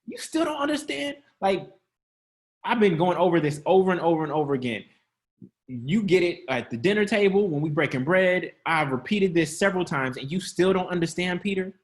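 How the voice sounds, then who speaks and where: A man's voice: fairly high pitch, a little fast, lightly acted. A man voicing Jesus as an exasperated teacher, scolding his fearful disciples in blunt, slangy street talk.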